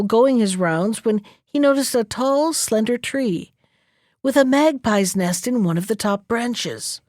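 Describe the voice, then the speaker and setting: A woman storyteller reading a folktale aloud in a clear, expressive way. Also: fairly high pitch, dry recording, studio quality. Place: library.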